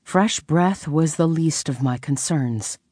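Woman audiobook narrator, lowish voice, expressive, wry, dry close sound. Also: takes it slowly, no echo. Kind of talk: first-person audiobook narration.

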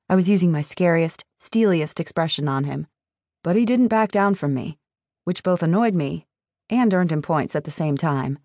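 A woman giving steady first-person narration of a novel, recorded close. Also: on the low side, normal speed, no echo. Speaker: audiobook narrator.

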